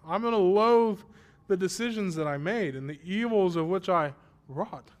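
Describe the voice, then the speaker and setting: A man's voice: high-pitched, animated, moderate pace. A man in his thirties preaching a sermon, self-deprecating and conversational, then rising to emphatic praise. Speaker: pastor. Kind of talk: sermon with personal story.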